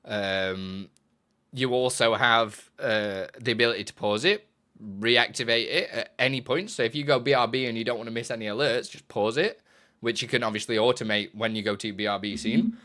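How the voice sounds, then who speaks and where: A man streaming live, talking in a loose, rambling way and often restarting his sentences. His voice is bright and forward, sitting at an ordinary pitch for a man. He laughs easily between thoughts. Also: steady tone, normal speed. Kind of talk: casual live-stream chat.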